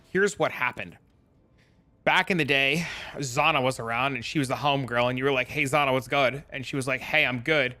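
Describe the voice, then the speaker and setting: A man's voice: mid-range voice, sharp tone, dry recording. A young man streaming a game, explaining it in a rambling, joking, profane way. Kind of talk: casual livestream chat.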